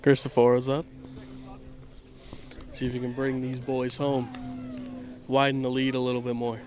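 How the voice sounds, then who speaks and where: A man's voice: mid-range voice, completely flat delivery, moderate pace, a little mellow, slight background noise. A young man giving casual, rambling baseball commentary outdoors, tired and self-mocking, trailing off now and then. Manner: laid-back, rambling, self-mocking, trails off mid-sentence.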